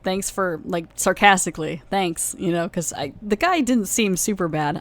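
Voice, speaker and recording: A woman's voice: mid-range voice, dry recording. A woman hosting a podcast, casually recapping a TV episode in a rambling way, full of "like" and "you know" and self-corrections. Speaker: podcast host reviewing a TV episode.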